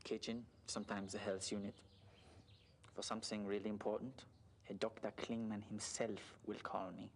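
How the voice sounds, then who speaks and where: A man's voice: lowish voice, slight background noise, natural voice. An actor voicing a plain, literal adult male zookeeper with a German accent in a video game. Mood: matter-of-fact. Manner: flat, matter-of-fact, short halting answers.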